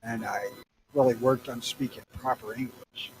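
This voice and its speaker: A man's voice: mid-range voice, level tone, normal speed, darkish tone, a little hiss or hum, poor audio. A middle-aged man from Missouri with a Southern accent, rambling crudely and profanely as a podcast co-host. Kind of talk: casual chat.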